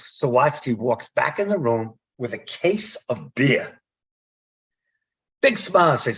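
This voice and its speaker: A man's voice: medium pitch, normal speed, breathy edge. A man, a former umpire, telling stories in a podcast interview and acting out the dialogue. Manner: animated storyteller, acts out quoted dialogue.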